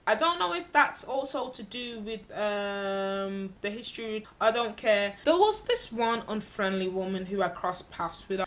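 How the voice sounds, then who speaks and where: A woman telling a casual travel vlog story, candid and expressive, swearing freely and acting out the people she met. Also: medium pitch, a little slow, few pauses. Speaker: travel vlogger.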